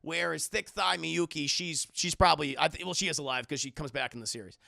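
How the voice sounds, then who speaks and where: A man recaps an anime episode for his live chat in a very gravelly, tense, bright voice. He swears freely and keeps jumping into the characters' lines. The recording is close and completely dry. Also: fairly high pitch, a little fast, no echo. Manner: profane, animated, acts out every character. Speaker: anime reviewer.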